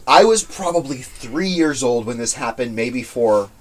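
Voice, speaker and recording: A young man co-hosting a casual snack-tasting chat, an animated storyteller who laughs as he talks. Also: medium pitch, a little slow. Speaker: co-host.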